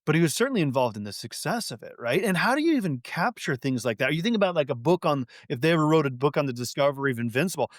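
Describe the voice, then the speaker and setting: A man chats as a podcast guest, rambling through fillers and quick restarts. His pitch jumps around a lot as he gets excited. The sound is dry and close, with no room echo. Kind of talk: casual conversation.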